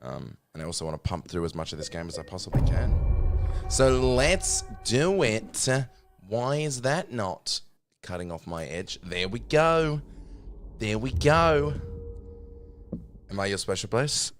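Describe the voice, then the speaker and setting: A man's voice: lowish voice, sing-song, measured pace, slight background noise. A man streaming a game, chatting casually in a rambling, crude, jokey way.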